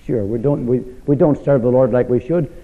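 A man preaching a sermon, throwing rhetorical questions at his listeners and swinging from loud emphasis to hushed asides. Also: mid-range voice, a little fast. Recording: echoey hall over a tinny, phone-like line.

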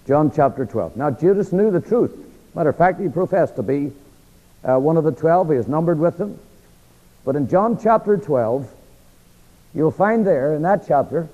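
A man's voice: on the high side, mellow. Preaching man, echoey dull recording. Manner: asks the congregation rhetorical fill-in questions; conversational, acts out quoted speech. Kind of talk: sermon, Bible exposition. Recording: echoey hall, dull lo-fi sound.

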